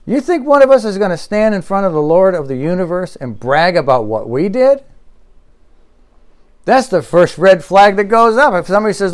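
A man with a fairly high, smooth and clear voice preaches a sermon. He talks earnestly, swinging his voice up and down for emphasis and slowing down to read quotations. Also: animated. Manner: earnest preaching, rises and drops his voice for emphasis, reads quotes slowly. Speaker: pastor.

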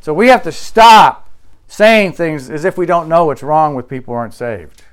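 Male pastor, sermon delivery, emphatic and insistent, voice sits a little high. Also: normal speed, clear, resonant tone. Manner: emphatic preaching, swinging between loud insistence and quiet asides.

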